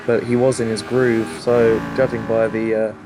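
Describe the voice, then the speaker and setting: A man's voice: lowish voice, flat delivery, normal speed, background noise. A man co-commentating an endurance sim race, hesitant with many fillers, reading out gaps and chat messages. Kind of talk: live sim-racing commentary.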